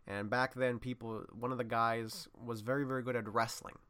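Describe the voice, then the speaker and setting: A man hosting a casual monologue, rambling through a story and swinging from low muttering to loud excited bursts. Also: normal speed, smooth.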